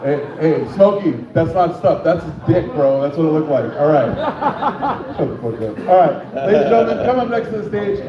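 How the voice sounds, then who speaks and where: A man's voice: a little high, sing-song, moderate pace. A man hosting a comedy show, joking loosely and introducing the next comic. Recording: echoey dull room recording. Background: crowd.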